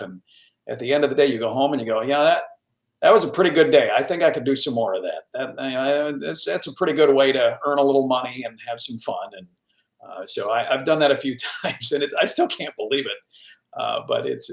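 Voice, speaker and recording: There's a roomy echo on this medium-pitched man's voice as he guests in a relaxed interview. A radio news anchor by trade, he's lively and pokes fun at himself while telling stories, often starting over mid-sentence.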